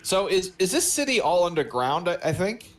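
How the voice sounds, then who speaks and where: A man's voice: high voice, very animated, moderate pace. A man co-hosting a movie watch-along, rambling and joking as he searches for words. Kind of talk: casual chat.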